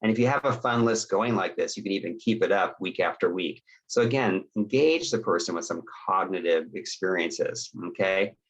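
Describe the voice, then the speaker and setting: A man's voice: deep voice, moderate pace, few pauses, breathy edge. A middle-aged man presenting an instructional webinar in a conversational way, often checking in with "okay?" and acting out example conversations. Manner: conversational, checks in with "okay?" and acts out sample dialogues. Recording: dull lo-fi webinar audio.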